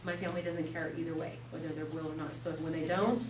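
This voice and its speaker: A woman in her thirties teaching an evening class, chatty and animated, telling stories with quick laughs. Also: low-pitched. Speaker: class instructor. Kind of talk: live classroom demonstration. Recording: echoey room, distant mic, faint noise.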